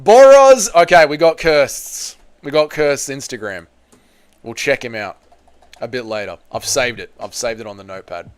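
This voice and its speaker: A young man hosting a casual livestream, reading chat comments and bantering loudly with sudden excited shouts and plenty of swearing. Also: mid-range voice, moderate pace, clean tone. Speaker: livestream host.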